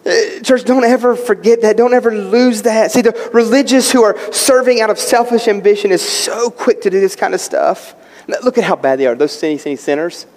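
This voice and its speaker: Man, pastor, high voice, impassioned sermon, rhetorical questions, long hall reverb. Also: fairly quick, a little mellow. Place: church sanctuary.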